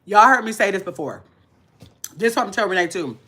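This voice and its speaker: A woman's voice: medium pitch, animated, a little fast, pushed and bright, slightly rough. A woman vlogging live to her chat in casual talk, blunt and emphatic, repeating her points.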